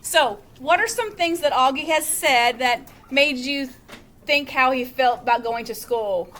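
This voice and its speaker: Woman teacher narrating a novel to students, steady and chatty, high voice. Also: measured pace. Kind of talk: reading aloud to a class.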